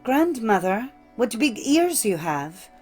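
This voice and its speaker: A woman voicing an innocent, naive little girl in a storybook, in a high, lilting voice. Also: very animated, slow, darkish tone, soft background music, exaggerated voice. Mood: wondering.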